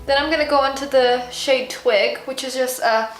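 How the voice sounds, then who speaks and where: A woman's voice: sits high, fairly even intonation, moderate pace. A young woman doing a casual makeup tutorial at home, chatty and giggly with jokey asides. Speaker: makeup vlogger. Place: room at home. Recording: echoey room with music behind.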